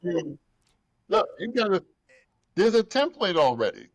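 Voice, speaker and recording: With no echo on the recording, a male podcast host in a high voice spins stories at a moderate pace on his casual show. His delivery is animated and emotional, complete with impressions of the people involved and liberal swearing.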